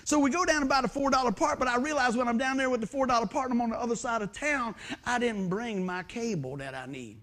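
A man's voice: extremely high pitch, fast, hardly any pauses. A male preacher, telling a story in a sermon and acting out the quotes. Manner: animated storytelling with acted-out quotes.

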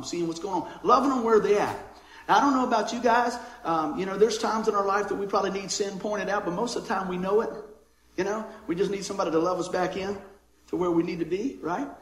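A high-pitched man gives a relaxed, chatty sermon, constantly drawing the congregation in with questions. The sound is roomy and echoing, like a church hall, with a faint hum underneath. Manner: folksy, keeps asking the congregation "amen?" and "right?". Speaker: pastor. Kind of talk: conversational sermon.

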